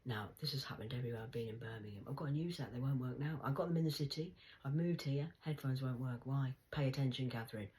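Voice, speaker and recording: A middle-aged Englishwoman talks straight to camera in a loose, rambling monologue. Her delivery is blunt and salty, full of swearing. She drops into lively put-on voices when she quotes people. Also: extremely low pitch, fast talker, few pauses, poor audio. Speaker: vlogger. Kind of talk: casual monologue storytelling.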